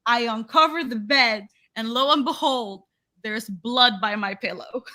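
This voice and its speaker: A young woman co-hosting a podcast, telling a story in casual chat, animated and laughing, acting out other people's voices. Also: fairly high pitch, a little slow. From Latina. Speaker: podcast co-host.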